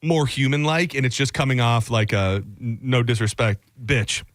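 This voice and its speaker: A man's voice: mid-range voice, normal speed, fairly bright tone, no echo, studio quality. A man hosting a radio talk show, telling a story in a casual, rambling way. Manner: rambling storyteller, many fillers and restarts. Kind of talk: casual chat.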